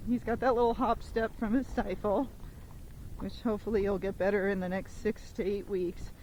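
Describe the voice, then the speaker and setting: A woman horse trainer riding outdoors in the rain, explaining each move in a casual, chatty way and counting the gait beats aloud in a steady rhythm, recorded on a phone mic while she rides. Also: mid-range voice, moderate pace, slight background noise, rough recording. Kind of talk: instructional commentary while riding.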